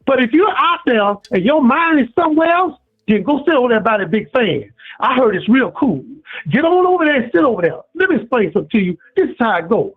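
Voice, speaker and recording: A man is calling in and preaching with big swings in his voice, repeating his points as he goes. His voice sits very high and is a bit husky. It comes through a thin, tinny phone line. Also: fairly quick. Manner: preachy, repetitive, animated storytelling. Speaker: caller. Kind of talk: impassioned call-in rant.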